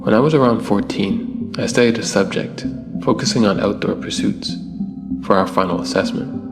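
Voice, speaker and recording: Male story narrator, low and gravelly, calm delivery, long reverb and light music. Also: normal speed. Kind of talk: scripted narration.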